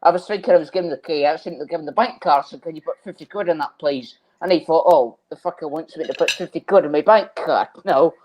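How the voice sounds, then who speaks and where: A man chatting casually on a livestream, stammering and self-deprecating, swearing often, and quick to get defensive. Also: on the high side, lo-fi sound. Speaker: livestream guest. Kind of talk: casual chat.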